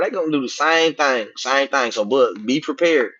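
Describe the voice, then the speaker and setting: A man, profanely ranting about boxing to his livestream chat, swinging between loud outbursts and muttered asides. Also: medium pitch, normal speed. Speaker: boxing commentator streaming to chat. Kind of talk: casual livestream rant. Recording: dull lo-fi stream audio.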